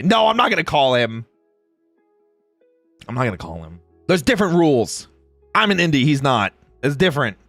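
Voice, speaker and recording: A man's voice: medium pitch, creaky, fairly bright tone, dry recording. A man chatting casually on a livestream, ranting with lots of swearing and frequent laughter. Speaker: streamer.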